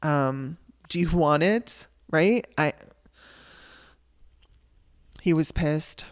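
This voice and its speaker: A woman's voice: low voice, drawn-out words. Candid woman telling a personal story. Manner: candid, emotional, swears casually. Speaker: podcast host.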